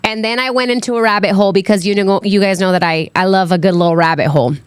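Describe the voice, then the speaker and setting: A woman's voice: mid-range voice, steady tone, fast talker, clean tone, no room sound, clean studio sound. A young adult woman hosting a podcast, telling a personal story in a candid, chatty way with lots of "like" and "um". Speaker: podcast host. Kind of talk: casual solo podcast storytelling.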